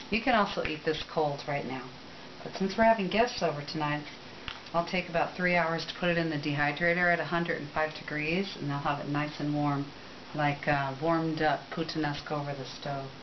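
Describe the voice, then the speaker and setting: Woman, casual cooking demo, lowish voice, chatty and rambling, dull lo-fi audio, faint hiss. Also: brisk. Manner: chatty, rambling, with frequent ums and self-corrections. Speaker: cooking demonstrator. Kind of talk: casual recipe demonstration.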